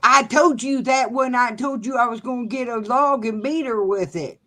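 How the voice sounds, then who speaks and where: A woman's voice: a little high, moderate pace, bright, forceful tone. A woman joining a livestream chat, blunt and joking.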